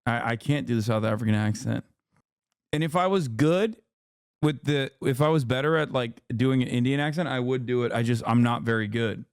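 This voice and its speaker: A man hosting a livestream, reacting to clips with blunt, profane, rapid-fire ranting. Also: medium pitch, clean tone, no room sound, clean studio sound. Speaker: livestream host. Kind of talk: streamer commentary.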